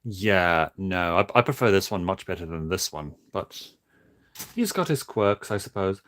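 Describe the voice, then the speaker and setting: A man streaming casually while building toys, talking in a flat, monotone way with many halting restarts. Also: sits low. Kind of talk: casual livestream chat.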